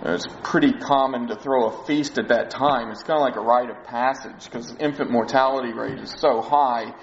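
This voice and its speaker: A man's voice: mid-range voice, steady tone, normal speed, lo-fi sound, a little hiss or hum. A man preaching a sermon, explaining a Bible passage in a conversational way. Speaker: pastor.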